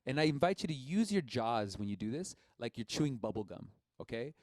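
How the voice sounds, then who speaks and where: A man's voice: mid-range voice, very animated, brisk, heavy background noise. A man casually teaching a live-streamed music lesson, encouraging and explaining each step plainly.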